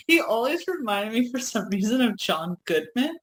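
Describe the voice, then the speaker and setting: A woman's voice: fairly high pitch, sing-song, moderate pace, echoey room, rough recording. A woman co-hosting a casual podcast, laughing often and swearing freely as she reminisces. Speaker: podcast co-host. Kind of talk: casual chat.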